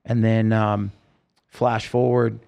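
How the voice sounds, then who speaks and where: Gravelly-voiced man telling a story. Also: on the low side, little pitch movement, mellow. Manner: rambling, halting retelling with many fillers and restarts. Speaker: podcast guest, rock singer. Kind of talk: emotional personal storytelling.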